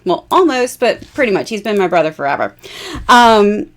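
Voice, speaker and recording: A woman's voice: medium pitch, sing-song, moderate pace. A bubbly, chatty woman in her forties, hosting a casual jewelry live stream and laughing often.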